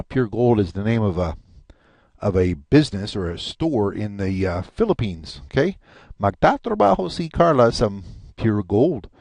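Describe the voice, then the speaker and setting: Patient, lively male language teacher. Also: mid-range voice, dry recording. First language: English. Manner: patient, repeats each word slowly, chatty asides. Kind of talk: recorded language lesson.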